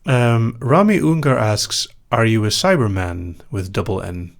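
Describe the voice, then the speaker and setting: Dutch man, Dutch accent, low gravelly voice, calm, dry humor, live question-and-answer host. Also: unhurried, few pauses. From Netherlands. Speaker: hypnosis show host. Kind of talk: live Q&A reading chat questions.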